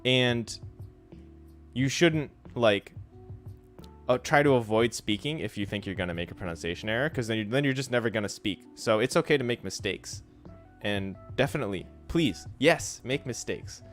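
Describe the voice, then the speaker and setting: A man streaming a casual Japanese study session, talking in a relaxed, chatty way and sounding out pronunciation examples aloud. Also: medium pitch, moderate pace, faint music behind. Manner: frequent fillers like "like" and "so". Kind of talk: casual instructional livestream.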